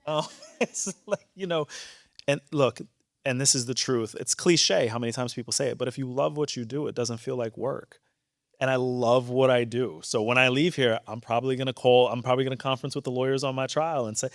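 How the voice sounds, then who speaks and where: A judge in his thirties with a New York accent and a medium-pitched voice tells stories on stage in conversation before an audience. He's animated, candid and earnest, often restarting quickly, and the recording is clean studio sound without room echo.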